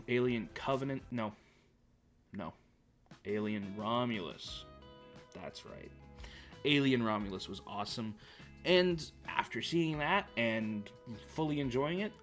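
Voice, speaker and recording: A man's voice: mid-range voice, fairly bright tone. Rambling man with mid-range voice. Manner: rambling, with stammering restarts. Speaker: movie vlogger. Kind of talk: casual chat.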